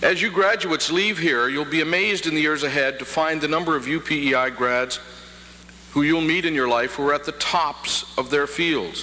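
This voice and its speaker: A middle-aged man from Prince Edward Island giving a formal convocation address at a podium, with measured pacing and dry humor. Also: fairly high pitch, pushed and bright. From Prince Edward Island, Canada. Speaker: convocation speaker. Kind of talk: formal ceremonial address with jokes. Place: large hall. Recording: reverberant hall, faint hum, 1990 archive.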